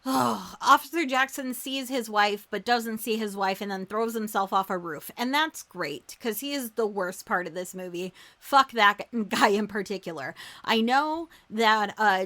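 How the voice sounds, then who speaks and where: A woman hosting a podcast, recapping a film in a loose, rambling way with plenty of swearing. Her voice is bright and sits somewhat high, with a forceful edge. She keeps the tone easygoing and chatty. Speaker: podcast host. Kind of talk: casual movie recap.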